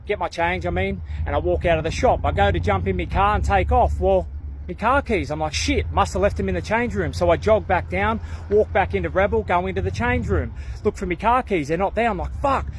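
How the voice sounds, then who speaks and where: A man's voice: sits high, fairly quick, slight background noise. A young man telling a story in a blunt, slangy way, swearing freely. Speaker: vlogger. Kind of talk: casual storytelling rant.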